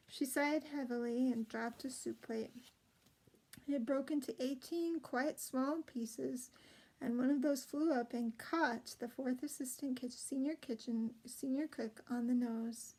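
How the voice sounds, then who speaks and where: A woman reading a children's storybook aloud in a gentle, expressive way. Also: high-pitched, unhurried, rough recording. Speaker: storybook reader.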